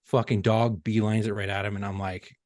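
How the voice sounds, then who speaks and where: A man's voice: on the low side, level tone, a little fast, darkish tone, no room sound, clean studio sound. A man, a former police officer, telling a story casually and profanely on a podcast. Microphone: podcast studio mic.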